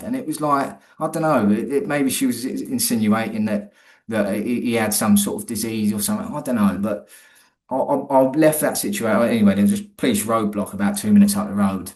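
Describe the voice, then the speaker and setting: A man's voice: on the low side, brisk, darkish tone. A man, a guest in an interview, telling a personal story in a rambling, colloquial way with many restarts.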